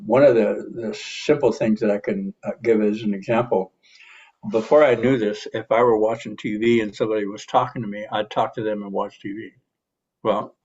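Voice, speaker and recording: Earnest middle-aged male speaker, husky and low, reflective monologue on recovery. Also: a little mellow, muffled recording. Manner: earnest, self-reflective, with frequent restarts and sighs. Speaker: recovery and personal growth speaker.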